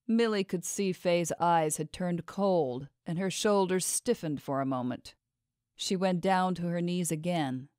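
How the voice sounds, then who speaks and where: Audiobook narrator, woman, lower voice, steady and even, dry close-mic read. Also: unhurried, clear, resonant tone, no echo.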